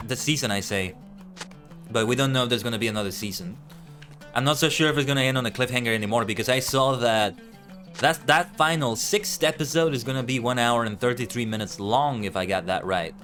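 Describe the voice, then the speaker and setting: A man's voice: medium pitch, a bit bright. A man streaming a game, chatting casually in a rambling way and tripping over his words. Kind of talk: casual gameplay commentary.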